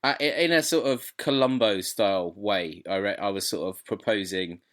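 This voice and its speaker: Rambling man, bright tone. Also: lowish voice, normal speed. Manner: rambling, goes off on tangents. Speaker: podcast co-host. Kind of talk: casual chat.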